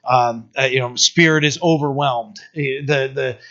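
A man's voice: medium pitch, unhurried, fairly bright tone. A man preaching a sermon as pastor, in a conversational way, asking the congregation questions. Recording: dull lo-fi recording.

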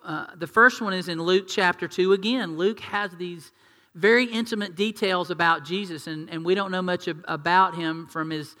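A male pastor delivers a sermon with a high, bright and forceful voice. He talks to the congregation in a chatty way, throwing questions at them. The sound carries a long reverb from a large church hall. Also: moderate pace. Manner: conversational, asks the congregation questions, acts out quotes.

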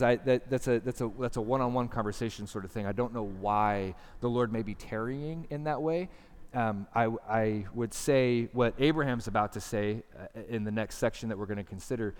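Male pastor, mid-pitched voice, casual and emphatic sermon delivery, long hall reverb. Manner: conversational, emphatic preaching with rhetorical questions. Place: church hall.

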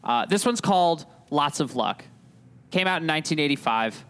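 A man's voice: on the high side, animated, normal speed, a bit bright, smooth. A man hosting a casual podcast, joking and rambling in a self-deprecating way. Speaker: podcast host.

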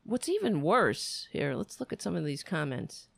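A woman's voice: deep voice, huge pitch swings, moderate pace, gravelly, breathy edge, no room sound. A woman giving ranting political commentary, heated, sarcastic and swearing freely.

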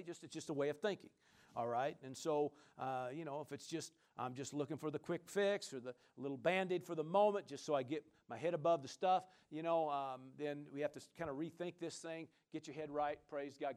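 A man's voice: on the high side, a little mellow. A male pastor preaching a sermon in a casual, conversational way, dropping frequent amens and praise Gods between his points. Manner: casual, conversational delivery with many fillers.

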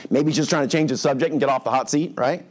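A middle-aged pastor delivers an expository, verse-by-verse sermon in a relaxed, conversational style, briefly acting out the lines of the people he describes. He talks fast in a mid-range voice.

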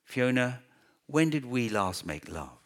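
A man doing a calm sixty-year-old husband. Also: mid-range voice, slow. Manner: calm, matter-of-fact.

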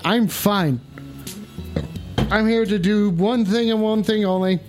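Man, livestream host, high voice, profane, loud, rowdy banter, faint music behind. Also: slow pace, pauses often. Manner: profane, loud, shouting catchphrases. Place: at home in front of cameras.

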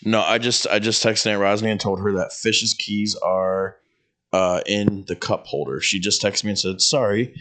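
Young male comic co-host, lower pitch, playful. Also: steady tone, normal speed, a bit bright. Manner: joking, breaks into laughter. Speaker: podcast co-host and stand-up comic. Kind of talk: casual chat.

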